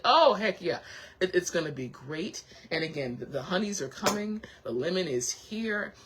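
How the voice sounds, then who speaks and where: A woman's voice: deep voice, animated, moderate pace, slight background noise, poor audio. A woman hosting a casual motivational chat, encouraging and heartfelt, who thinks aloud with frequent restarts and repeats her reassurances. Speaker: host.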